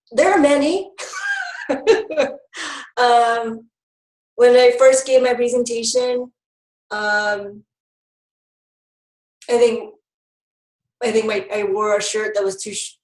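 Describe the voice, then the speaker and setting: Higher-voiced woman chatting through a webinar, lots of ums, echoey room. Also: darkish tone. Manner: chatty, laughs often, many fillers. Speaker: health educator presenting a webinar. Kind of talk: casual webinar presentation. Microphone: video call.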